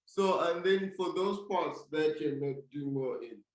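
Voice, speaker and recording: A man's voice: on the high side, a little slow. A man interviewing a guest, asking questions hesitantly with many fillers. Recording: echoey room.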